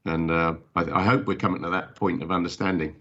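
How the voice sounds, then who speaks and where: A man's voice: low-pitched, steady tone, fairly quick, a bit bright, breathy edge. A man on a panel speaking earnestly, with hesitant restarts, over a video call. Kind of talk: casual panel discussion. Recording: muffled video call audio.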